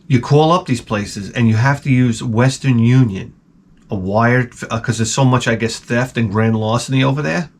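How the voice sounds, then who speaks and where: A man hosting his channel, telling comedic stories in a loud, animated, profane rant and acting out people in high, shouted voices. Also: moderate pace. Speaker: channel host.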